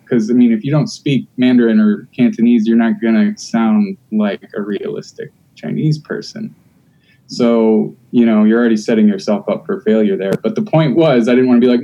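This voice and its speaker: A man talking loosely on a podcast, his voice mellow and soft-edged. He rambles through his points with lots of fillers and restarts, casual and unscripted. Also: medium pitch, dull audio. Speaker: podcast host.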